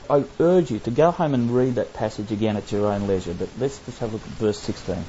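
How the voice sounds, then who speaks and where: Male bible study leader, low and mellow, dull lo-fi recording, explains and asks rhetorical questions. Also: brisk, a little hiss or hum.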